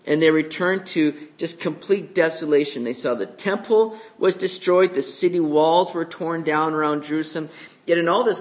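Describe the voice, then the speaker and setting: Conversational man preaching a sermon. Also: normal speed. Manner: conversational, acts out voices of the people with big pitch jumps. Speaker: pastor. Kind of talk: expository sermon.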